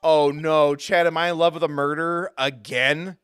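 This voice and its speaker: A man streaming a game live, cracking jokey, excitable asides between reading lines. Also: fairly high pitch, normal speed, soft background music. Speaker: gaming streamer.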